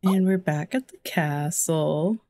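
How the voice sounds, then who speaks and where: Low, gravelly-voiced woman gaming host. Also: slow, warm tone. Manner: chatty, exclamatory, laughs at the game; acts out characters' lines in her own voice. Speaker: let's play host. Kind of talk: casual gameplay commentary.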